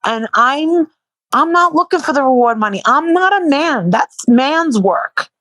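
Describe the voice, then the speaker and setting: Woman, interview guest, blunt, profane, repetitive bursts, higher voice. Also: animated, a little slow, a bit bright, no echo, low-quality recording. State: sore and worn out from protesting. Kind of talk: casual interview chat.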